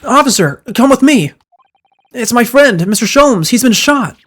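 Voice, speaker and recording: A man's voice: high-pitched, extremely slow, husky, voice pushed up, heavily acted. A man voicing an earnest young male lawyer in a panic, reading game dialogue with a raised, urgent delivery.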